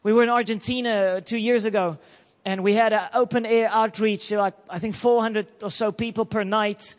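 High-voiced preacher in an echoey hall. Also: male voice, steady tone, moderate pace. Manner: emotional storytelling, building to loud declarations. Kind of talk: sermon.

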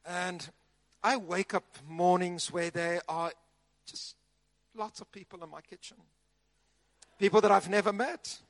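A man preaching a sermon, telling funny stories in an animated way. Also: high voice, unhurried, pauses often, dry recording. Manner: animated, humorous storytelling. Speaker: pastor.

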